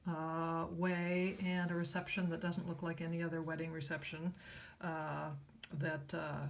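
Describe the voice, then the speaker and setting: Older woman, lowish voice, dry halting comic-book recap, faint hiss. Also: flat delivery, creaky. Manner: wry, halting, with many fillers. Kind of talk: casual retelling of a comic story.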